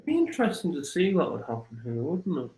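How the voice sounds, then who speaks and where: A man with an Irish accent hosting a casual livestream, rambling and apologetic, his voice getting rough after hours of talking. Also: a little high, wildly swooping pitch, fairly quick, warm tone, echoey room, low-quality recording. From Ireland. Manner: rambling, apologetic, thinks aloud with many fillers. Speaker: crypto livestream host. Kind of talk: casual livestream chat, reading viewer comments.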